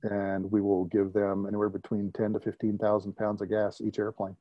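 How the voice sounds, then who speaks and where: A man in his fifties, a retired military pilot, telling lively anecdotes as an interview guest and chuckling at his own stories. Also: lowish voice, a little fast, no echo, highs cut off. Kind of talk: conversational interview storytelling.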